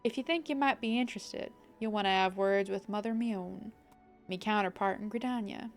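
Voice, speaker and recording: A woman voicing a gruff male pirate-town guild master, reading game dialogue aloud with a rough drawl that slides into a southern US twang. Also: mid-range voice, normal speed, soft background music, natural voice.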